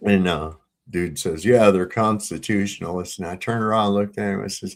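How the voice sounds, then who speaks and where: A man's voice: low-pitched, fairly even intonation, normal speed, few pauses. Profane, heated storytelling man. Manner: profane, storytelling, laughs often, gets heated retelling run-ins. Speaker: panel co-host. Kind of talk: casual livestream chat. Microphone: video call.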